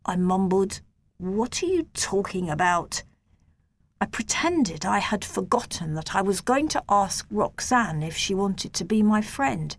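A woman reading a children's novel aloud in a gentle, measured first-person storytelling voice. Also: mid-range voice, lively intonation, vocal fry. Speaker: audiobook narrator.

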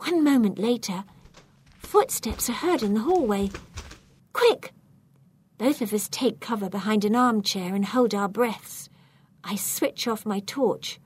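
A woman narrating a first-person mystery story aloud, with an expressive, suspenseful reading. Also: mid-range voice, a little slow, breathy edge.

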